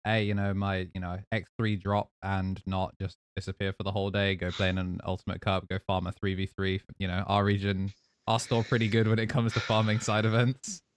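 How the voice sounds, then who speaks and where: A man's voice: sits low, little pitch movement, brisk, smooth, no echo. A man hosting a casual podcast chat, talking through game strategy in an analytical, laid-back way. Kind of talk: casual podcast chat about card games.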